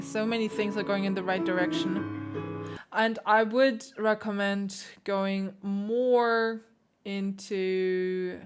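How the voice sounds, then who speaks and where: A woman who hosts a piano channel, critiquing viewers' playing with emphatic, animated coaching. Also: medium pitch. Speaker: piano teacher and channel host.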